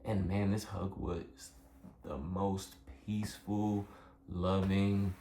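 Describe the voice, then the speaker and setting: A man's voice: low voice, fairly even intonation, slow pace, dark tone. A young man telling a personal story in a casual, rambling way, earnest and emotional, full of fillers. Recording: echoey room with faint background noise.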